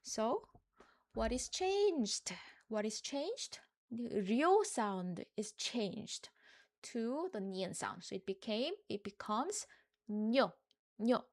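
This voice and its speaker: A woman runs a live language lesson, her voice sitting a little high. She says each word more than once in a patient, even teaching manner. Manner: patient, repeats each word slowly for learners. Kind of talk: live online Korean lesson.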